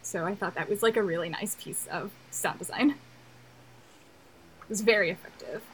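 A woman's voice: mid-range voice, normal speed, a bit bright, a little hiss or hum, rough recording. A young woman co-hosting a casual chat, thoughtful and detailed, with fillers. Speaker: podcast co-host. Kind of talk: casual chat about an anime.

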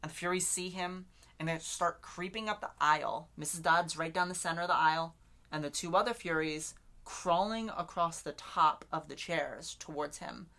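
Bright-voiced chatty woman recapping a book. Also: low-pitched, moderate pace. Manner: chatty recap, filled with "like" and "literally". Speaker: podcast co-host. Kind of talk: casual book discussion.

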